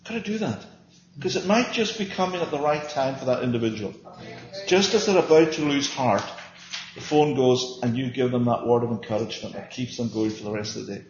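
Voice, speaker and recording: A man's voice: mid-range voice, brisk, soft background music. A man teaching a small Bible study group, speaking earnestly and emphatically and often asking and answering his own questions. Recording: roomy, dull lo-fi recording.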